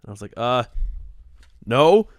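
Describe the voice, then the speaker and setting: A young man telling a story on a casual podcast, swearing and acting out shouted quotes. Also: mid-range voice, expressive, fast talker, no echo, studio quality. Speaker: podcast guest.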